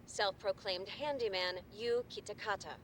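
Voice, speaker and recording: An actress voicing a female TV news anchor, reading a report in a measured, formal broadcast delivery in a video game. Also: medium pitch, a loud crowd, close to an everyday voice. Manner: measured, crisp newsreader delivery.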